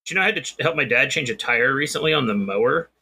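A man's voice: medium pitch, animated, racing, gravelly, bright, forceful tone, a little hiss or hum. A man co-hosting a podcast, telling a rambling, self-deprecating story in casual chat. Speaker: podcast co-host.

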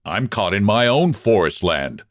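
A man's voice: on the low side, very animated, unhurried, no room sound, clean studio sound. A man reading a story and voicing a proud landowner who answers his enemy with fierce, bitter retorts. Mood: indignant.

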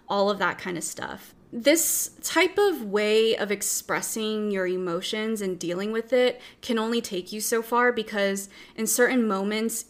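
A young adult woman, a self-empowerment coach, talking openly through a workbook, reflective with wry dark humor. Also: mid-range voice. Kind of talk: casual workbook walk-through.

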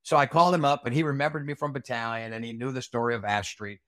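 Middle-aged ex army ranger guy telling a story, lots of uh and you know, swears a bunch, mid pitched voice, dry close sound. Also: steady tone, quick pace, a bit bright, no echo. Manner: rambling, frequent fillers and restarts, salty language. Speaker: retired Army Ranger staff sergeant, interview guest. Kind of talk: casual storytelling interview.

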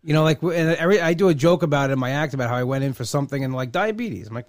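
A man's voice: on the high side, animated, very fast, dry recording. A man hosting a casual conversation, telling rambling, self-deprecating stories.

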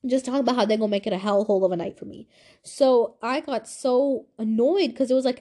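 Animated young woman, mellow voice. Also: brisk. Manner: animated, confiding, swings from high to low. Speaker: podcast host. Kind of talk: personal storytelling monologue.

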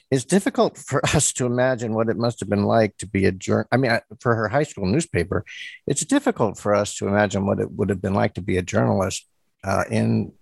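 A man's voice: fairly low pitch, gravelly, no room sound. A man hosting an interview, asking questions with hesitant fillers and restarts. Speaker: interviewer host. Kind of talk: interview conversation.

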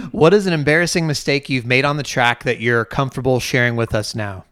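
A man hosts a casual interview, asking questions and reacting in a relaxed, encouraging way. His pitch is mid-range, and the recording is dry with no room sound. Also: fairly quick, clean tone, no room sound.

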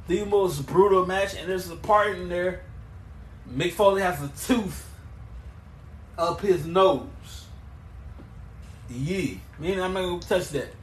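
A man hosting a wrestling podcast on his own, recapping matches and plugging shows in an excitable, rambling way. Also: sits high, unhurried, long pauses, roomy sound. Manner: excitable, rambling, with restarts and emphatic bursts. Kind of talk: solo podcast recap and show plugs.

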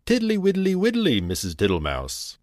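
A man's voice: fairly low pitch, wildly swooping pitch, moderate pace, no echo, clean studio sound. Mr. Jackson, a greedy, smiling toad, voiced by a man. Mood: sing-song. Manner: cheerful, sing-song and cheeky. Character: fat, wet, smiling male toad, easygoing and greedy.

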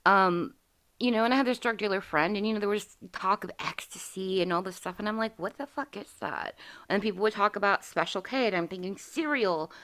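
Female podcast host, forties, mid-pitched, swears freely, animated storyteller. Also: fairly quick. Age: 40s. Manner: candid, profane storytelling with acted quotes. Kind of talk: casual chat.

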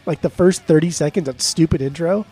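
A man's voice: a little high, fairly quick, warm tone, husky, soft background music. A man co-hosting a podcast, telling rambling stories in casual chat, full of "like" fillers. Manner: rambling storyteller, lots of "like" fillers. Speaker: podcast co-host.

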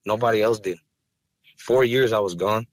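A man's voice: fairly low pitch, moderate pace, no echo. Podcast guest: man, heated and profane, dry close studio sound. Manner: raw, angry, profane, rising to heated outbursts. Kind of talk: emotional interview talk.

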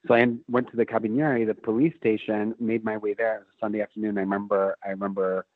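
A man's voice: fairly low pitch, flat delivery, fast, no room sound. A man telling a long story in casual chat, swearing freely and rambling with fillers and restarts. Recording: phone-like narrow band.

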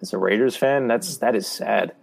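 A man co-hosting a casual sports podcast, matter-of-fact and quick to push back in the debate. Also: medium pitch, creaky, a little hiss or hum.

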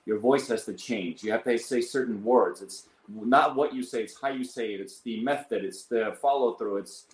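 A man in his thirties who came to America from abroad, a guest telling animated stories in an interview and acting out what others said. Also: medium pitch, moderate pace, echoey room, rough recording. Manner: animated storyteller acting out quotes. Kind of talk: casual storytelling in an interview.

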